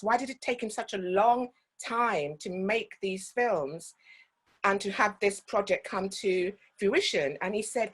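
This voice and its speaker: A woman's voice: mid-range voice, a bit bright. A woman from Guyana, an actor giving a talk and telling personal stories with frequent ums.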